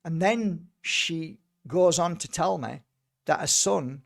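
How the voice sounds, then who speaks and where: Male medium guest, high-pitched, emphatic, animated storyteller who repeats and restarts words. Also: slow pace, gravelly. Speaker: spiritual healer and medium, guest. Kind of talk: casual storytelling conversation.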